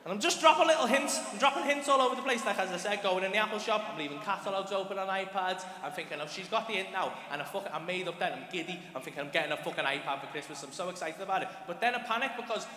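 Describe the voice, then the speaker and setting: Young man, Liverpool accent, stand-up comic, excitable, swearing, rapid-fire delivery, echoey comedy hall with audience noise. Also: high-pitched. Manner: excitable, profane, rambling. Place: live comedy club stage.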